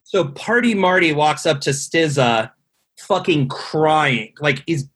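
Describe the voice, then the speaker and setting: A man's voice: on the high side, animated, slow pace, fairly bright tone, husky. A man casually telling a long, rambling story on a podcast, swearing often and full of fillers. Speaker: guest telling a tour story.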